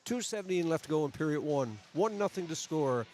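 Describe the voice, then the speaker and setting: A man's voice: on the high side, lively intonation, a little fast, darkish tone, a little hiss or hum. A man giving chatty, folksy live play-by-play of a local hockey game from a community arena. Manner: chatty, folksy asides between plays. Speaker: play-by-play commentator.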